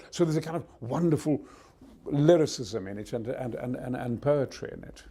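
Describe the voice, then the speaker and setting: A man from Yorkshire, a voice actor, telling stories as an interview guest in a booming, theatrical way, tumbling over repeated words. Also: animated, normal speed, gravelly, dark tone, slightly rough. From Yorkshire, England. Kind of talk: exuberant anecdotal chat.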